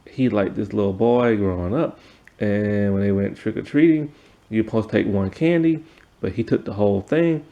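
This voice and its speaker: A man's voice: on the low side, gravelly, warm tone. A man recapping a TV episode in a casual, rambling way, full of fillers. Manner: rambling, filler-heavy retelling. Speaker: TV episode reviewer.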